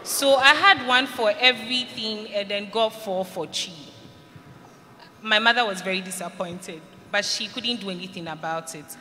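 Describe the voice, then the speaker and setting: A woman gives her personal testimony to a school audience, telling it earnestly and acting out what people said. Her voice is bright and clear. It carries a long hall reverb over faint background noise. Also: mid-range voice, normal speed. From Ghana. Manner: earnest storytelling, acts out quoted lines. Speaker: speaker giving a testimony. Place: large hall at a school event.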